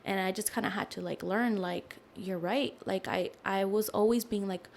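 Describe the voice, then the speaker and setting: A young woman, a podcast guest, telling a personal story in a casual, animated way, full of fillers, with lowered voices when she quotes others. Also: moderate pace, creaky, few pauses, a little hiss or hum.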